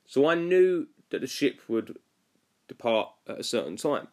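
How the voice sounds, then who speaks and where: A man's voice: mid-range voice, big pitch swings, a little slow, a little mellow. A young man telling a story about his cruise ship job in a casual, rambling and chatty way. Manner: rambling, chatty, lots of "like" fillers. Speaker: former cruise ship youth activities worker.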